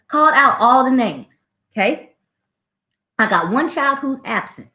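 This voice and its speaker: A woman's voice: high-pitched, unhurried, pauses often. Snarky woman telling classroom stories. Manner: snarky, animated storyteller. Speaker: podcast host, school administrator. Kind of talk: casual storytelling. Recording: roomy echo.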